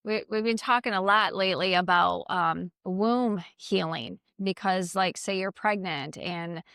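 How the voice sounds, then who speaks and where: A woman who works as a psychic medium, chatting earnestly and gently coaxing unseen spirits during a walk outdoors in a cemetery. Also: lowish voice, measured pace, gravelly, clear, resonant tone, no room sound, studio quality. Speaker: psychic medium and energy healer. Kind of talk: casual talk during a graveyard walk.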